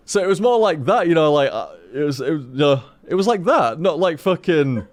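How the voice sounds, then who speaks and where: A man's voice: on the high side, big pitch swings, moderate pace, hardly any pauses. A man chatting casually on a game stream, rambling and swearing, tripping over his words.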